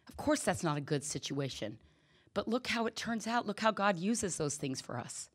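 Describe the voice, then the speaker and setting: A woman's voice: medium pitch, animated, normal speed. A middle-aged woman giving a candid personal testimony at a recovery meeting, telling stories and acting out the quoted dialogue.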